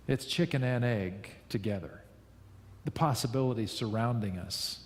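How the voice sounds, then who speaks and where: A man preaching a sermon, telling a story in a lively way and repeating key lines for emphasis. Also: mid-range voice, moderate pace, in a large hall. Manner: storytelling, animated, with repetitions for emphasis. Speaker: pastor.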